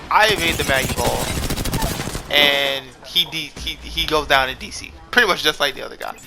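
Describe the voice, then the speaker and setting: Male gaming creator, brightish higher voice with a faint hiss behind, exasperated casual rant. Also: moderate pace, vocal fry. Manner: rambling, self-correcting, exasperated. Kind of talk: casual gameplay commentary.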